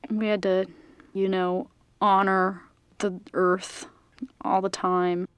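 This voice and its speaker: A woman from San Francisco telling comic stories in a halting, hesitant way. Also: mid-range voice, flat delivery, clean tone, dry recording. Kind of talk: improvised comic storytelling.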